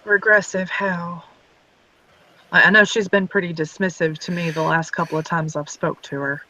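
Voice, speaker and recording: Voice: mid-range voice, fairly even intonation, normal speed, bright, forceful tone, low-quality recording. A player doing a frank young vampire woman. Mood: skeptical. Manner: casual, frank, talks in restarts. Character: blunt young woman vampire, gym owner.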